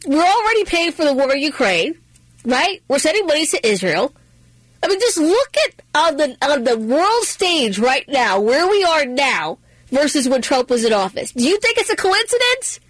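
A woman's voice: high voice, sing-song, normal speed, no room sound, poor audio. A woman from hosting a political talk radio show, emphatic and repeating her phrases for punch.

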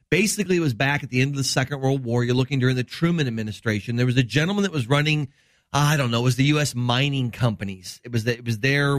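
A man's voice: mid-range voice, a bit bright, dry recording, studio quality. A middle-aged man from Wisconsin, a doctor hosting a health show, explaining news in rambling, enthusiastic casual chat.

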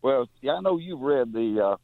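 Man, caller, gravelly, hesitant with fillers, dry phone-line sound. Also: medium pitch, expressive, moderate pace, no echo. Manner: hesitant, many fillers and restarts. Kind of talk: call-in radio talk.

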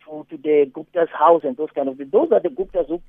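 A man calling in to a talk show, speaking haltingly and often repeating words as he makes his point. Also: fairly high pitch, dry recording. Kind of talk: phone-in commentary. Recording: tinny phone line.

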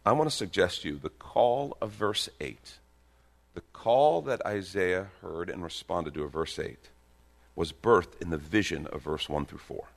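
A man preaching a sermon, emphatic and lively, swinging from soft, hushed moments to loud declarations with joking asides. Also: low voice, unhurried, vocal fry. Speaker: pastor.

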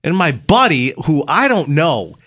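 A man hosting a morning radio show in a studio, telling a story in a casual, animated way with laughs and restarts. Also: on the high side, measured pace, slightly rough, no echo. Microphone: studio microphone.

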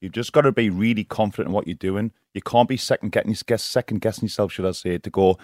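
A man's voice: lowish voice, quick pace, darkish tone, dry recording, studio quality. A man being interviewed as a guest on a radio show, frank and rambling, often laughing and asking "do you know what I mean". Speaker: guest, professional escort. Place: radio studio.

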